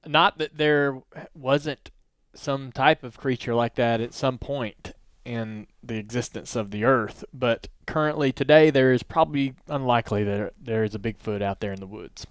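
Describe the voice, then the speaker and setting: A man hosting a podcast, telling stories in a relaxed, rambling way. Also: mid-range voice, normal speed, hardly any pauses, no room sound. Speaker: podcast host. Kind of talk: casual podcast storytelling.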